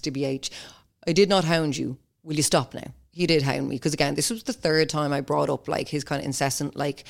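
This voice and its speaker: A young woman hosting a podcast, telling a story in a blunt, sweary, animated way. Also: sits low. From Ireland. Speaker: podcast host. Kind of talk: casual monologue.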